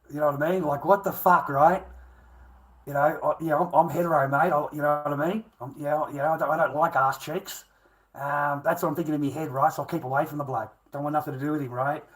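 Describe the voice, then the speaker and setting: A man's voice: a little high, fairly even intonation, fast, low-quality recording. A man telling a rambling personal story, swearing constantly and repeating himself. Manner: swears constantly, restless and repetitive.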